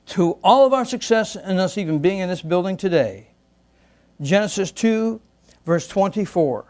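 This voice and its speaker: A man preaching in a church with an unusually high-pitched voice. He speaks very slowly and deliberately, leaning on single words and repeating them for emphasis. His delivery is that of a sermon to a gathered congregation. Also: a little mellow.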